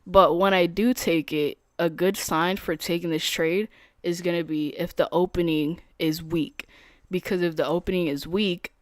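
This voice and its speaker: A woman's voice: on the low side, fairly even intonation, moderate pace, no echo, studio quality. A young adult woman streaming as a day trader, talking casually in slangy speech, laughing easily and explaining her setups.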